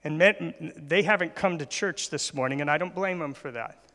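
A man's voice: on the high side, moderate pace, pushed and bright. A male guest speaker giving a church talk, often asking the audience questions. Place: church hall. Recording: long hall reverb.

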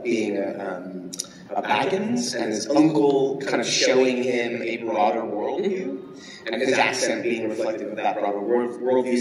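A man on a convention panel, explaining things thoughtfully with frequent pauses and ums. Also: medium pitch, noisy background. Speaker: actor panelist. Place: large indoor convention hall. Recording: echoey hall from far off with crowd.

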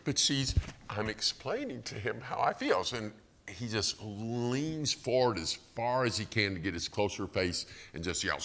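A middle-aged man preaching a sermon in a church, telling stories with animated acted-out quotes and chuckles. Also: mid-range voice, a little slow.

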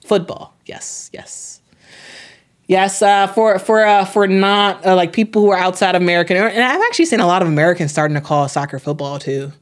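A woman's voice: on the low side, fairly quick. A young woman hosting a sports live stream, chatting casually, reading chat comments aloud, often repeating herself with plenty of fillers.

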